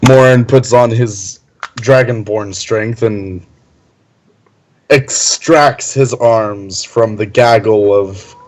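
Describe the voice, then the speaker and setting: A man's voice: on the low side, slow pace, poor audio. A man playing in a tabletop game, speaking hesitantly. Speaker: player.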